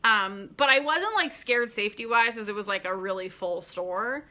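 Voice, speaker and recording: Woman, thirties, bright voice; casual vlogger, rambling story delivery with fillers and laughs. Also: mid-range voice, moderate pace. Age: 30s. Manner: chatty, many fillers and restarts; laughs often while talking.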